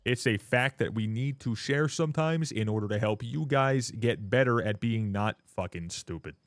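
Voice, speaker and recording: A man's voice: mid-range voice, moderate pace, no echo. Blunt, profane young man ranting on stream. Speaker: livestreamer. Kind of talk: casual live-stream rant to chat.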